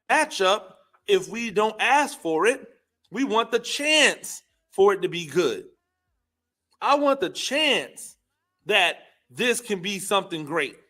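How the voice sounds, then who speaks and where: High, bright-voiced excitable male sports talker. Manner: emphatic and excitable, repeats points with rhetorical "right?". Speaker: football commentary show host. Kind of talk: opinionated sports talk monologue.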